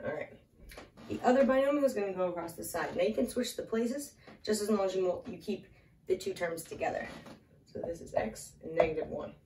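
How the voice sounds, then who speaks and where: A woman gives a relaxed math lesson at a whiteboard, talking through each step and pausing to chat with a small child she's holding, sounding slightly out of breath. Her mid-range voice echoes in the room, picked up from some distance off-mic with slight background noise.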